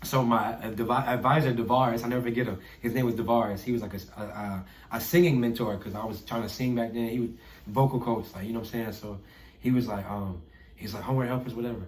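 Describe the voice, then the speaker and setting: A young man telling a story in a casual chat, animated, swearing and acting out the people he quotes. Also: mid-range voice, quick pace. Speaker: podcast guest, artist. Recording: roomy echo.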